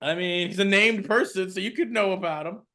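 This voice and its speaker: Male co-host, fairly high voice, stop-start delivery, casual tabletop chat. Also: bright, forceful tone. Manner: halting, restarts and repeats while looking up rules.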